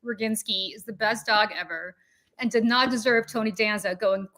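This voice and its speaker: Woman in her forties, podcast host, animated storytelling, self-deprecating. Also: medium pitch, moderate pace. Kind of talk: casual chat.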